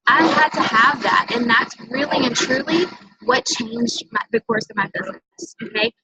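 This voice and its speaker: Speaking at a normal pace in a high, sing-song voice that sounds pushed, bright, and slightly rough, this woman leads a sales team through a motivational talk. As a senior direct-sales leader, she coaches emphatically and keeps checking in with "okay?". The recording quality is low.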